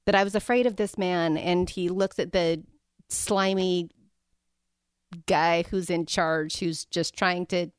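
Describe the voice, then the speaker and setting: A woman with a slightly low voice talks through a novel in easy, casual chat. She retells scenes with little restarts and fillers. The recording is dry and close, with no room sound. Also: steady tone, slow, clear, resonant tone, dry recording. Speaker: podcast co-host. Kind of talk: casual book discussion.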